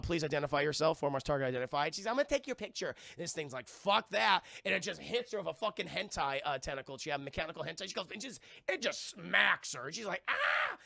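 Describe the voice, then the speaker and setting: A man's voice: fairly high pitch, vocal fry, sharp tone, dry recording, clean studio sound. A man casually recapping a film scene by scene on a live stream, rambling and swearing, often calling out to his chat. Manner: rambling, profane, keeps addressing chat. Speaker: streamer reviewing films.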